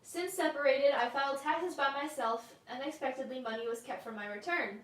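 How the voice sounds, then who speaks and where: A woman co-hosting a live session, briskly reading viewers' questions aloud. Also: high-pitched, reverberant, far from the mic. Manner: brisk, reads questions quickly.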